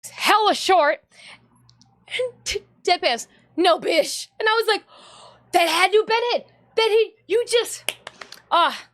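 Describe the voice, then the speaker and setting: A high-pitched woman from Michigan chats on her live stream and tells stories excitedly, often laughing. Her voice sits well above most women's. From Michigan, USA. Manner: giggly, excitable storyteller, often breaking into laughter. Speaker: streamer and cosplayer. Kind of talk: casual live-stream chat.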